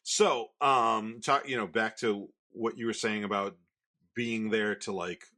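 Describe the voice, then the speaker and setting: A man in his thirties co-hosts a relaxed podcast chat with a bright, forceful tone and a voice on the low side. He rambles with frequent restarts as he tells family stories. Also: a little slow. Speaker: podcast co-host. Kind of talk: casual chat.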